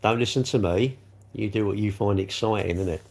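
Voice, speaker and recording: A man's voice: fairly low pitch, fairly quick, slight background noise. A middle-aged man, rambling through a casual livestream and answering viewer comments, calling them mate. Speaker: livestream host.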